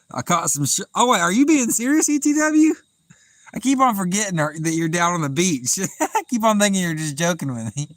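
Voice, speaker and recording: Man, southern drawl, relaxed chatty fishing host, outdoors at night, crickets behind. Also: a little high, dry recording, rough recording. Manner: relaxed, chatty, laughs often, easygoing drawl. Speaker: live-stream fishing host. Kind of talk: casual live-stream chat reading out viewer comments.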